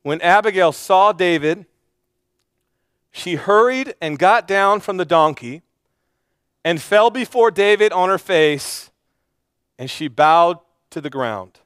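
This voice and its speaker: A male pastor preaching a sermon, retelling a Bible story with animated storytelling and acting out the characters' lines. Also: high voice, slow, long pauses, smooth, no room sound, clean studio sound.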